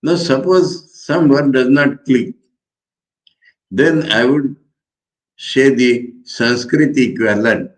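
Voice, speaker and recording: Slow-spoken Indian monk lecturing. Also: male voice, medium pitch, low-quality recording. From Maharashtra, India. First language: Marathi. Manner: digressive, storytelling, thoughtful. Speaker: monk giving commentary. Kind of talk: spiritual lecture with anecdotes.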